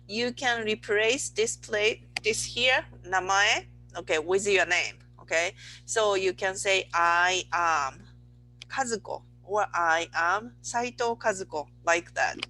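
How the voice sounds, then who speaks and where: Patient Japanese-accented woman teaching slowly. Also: mid-range voice, sharp tone, poor audio. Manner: patient, repeats words slowly, asks "okay?" often. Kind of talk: online language lesson.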